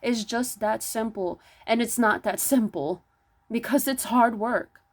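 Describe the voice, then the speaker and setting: A woman's voice: a little high, unhurried. Fired-up woman preaching spiritual self-work. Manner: preachy and emphatic, rising to near-yelling with rhetorical questions; stammering restarts. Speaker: spiritual vlogger. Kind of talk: impassioned spiritual monologue.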